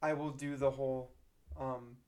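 Animated man telling classroom stories. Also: mid-range voice, unhurried. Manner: animated storyteller who acts out classroom scenes. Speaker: teacher and podcast co-host. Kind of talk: casual chat.

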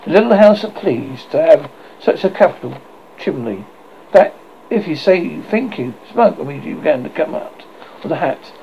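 A man reading a children's novel aloud for an audiobook in a halting way, often stopping to correct himself, in a dull lo-fi recording. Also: a little high, expressive, vocal fry. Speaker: audiobook reader. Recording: dull lo-fi recording with faint hiss.

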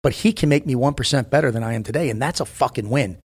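A man's voice: mid-range voice, fast talker, breathy edge. A man in his fifties, a former Navy SEAL guest, telling blunt, profane stories in casual podcast chat. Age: 50s. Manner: blunt, profane, storytelling with emphatic bursts.

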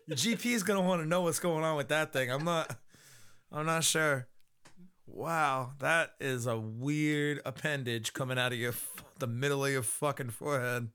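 A man hosting a podcast, giving a profane, animated comedic episode recap and laughing often. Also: mid-range voice, brisk, clear, resonant tone. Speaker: podcast host.

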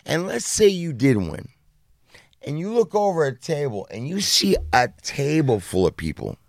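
A middle-aged man telling a profane, animated story in casual podcast chat, acting out what people said. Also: a little high, normal speed, vocal fry, no echo, studio quality. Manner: profane, animated anecdote with acted-out quotes. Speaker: podcast co-host.

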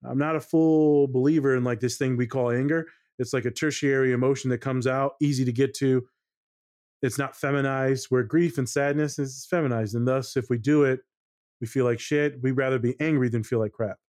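A man's voice: mid-range voice, steady tone, a little fast, darkish tone, dry recording, clean studio sound. Laid-back man explaining on a podcast. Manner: laid-back, swears, explains with acted-out examples. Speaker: therapist guest on a podcast. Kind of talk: casual podcast chat.

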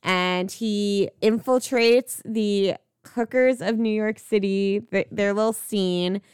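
A woman's voice: medium pitch, steady tone, slow pace, a little mellow, clean tone, no room sound, clean studio sound. A young woman co-hosting a podcast, chatting casually about movies with lots of fillers, tangents and swearing. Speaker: podcast co-host.

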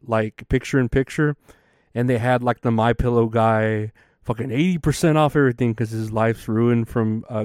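A male podcast host rambles through a casual monologue, swearing freely and leaning on fillers. His voice is smooth and clear. The sound is dry and close. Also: mid-range voice, darkish tone, no echo. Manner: profane, rambling, with many fillers.

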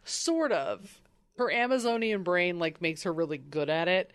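A woman co-hosting a casual chat, recapping a comic book and acting out the characters in quick put-on voices, with frequent swearing. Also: on the low side, clear, resonant tone, no echo, studio quality. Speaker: podcast co-host.

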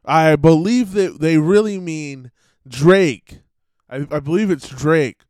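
A man's voice: a little high, slow, darkish tone, clean tone, no room sound. A man hosting a show, giving rambling casual commentary and laughing between thoughts. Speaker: podcast host.

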